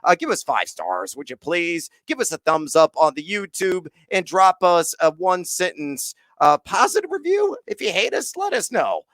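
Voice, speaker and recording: A man's voice: a little high, normal speed, few pauses, no echo. A man co-hosting a sports betting podcast, rattling off picks and stats with lots of fillers. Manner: energetic, stat-heavy, many "uh" fillers. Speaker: podcast co-host.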